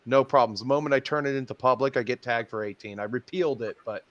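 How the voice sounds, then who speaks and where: A man chatting casually as a guest, often pausing to search for words. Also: medium pitch, a bit bright, dull audio. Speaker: streamer guest. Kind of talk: casual chat.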